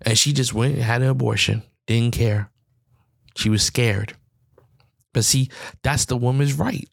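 A man's voice: medium pitch, measured pace, creaky, no echo, studio quality. A man talking alone on his podcast in a heated, rambling opinion monologue, repeating himself as he makes his points. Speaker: podcast host.

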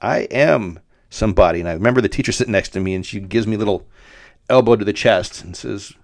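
Low-voiced middle-aged man telling a story. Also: fast talker, a little mellow, dry recording, clean studio sound. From Denver, Colorado. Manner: rambling, with frequent fillers and restarts. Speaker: podcast host. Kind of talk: casual storytelling monologue.

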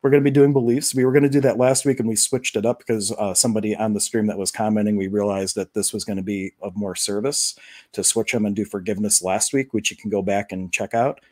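Low mellow-voiced man hosting a stream. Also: fast talker, dry recording, studio quality. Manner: relaxed, conversational, rambling with fillers. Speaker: live stream host. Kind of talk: casual spiritual talk to viewers.

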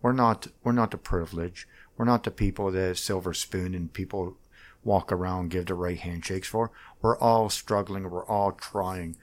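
A deep, steady-toned middle-aged man discusses his own candidacy in a casual interview. His speech is halting and rambling, full of restarts.

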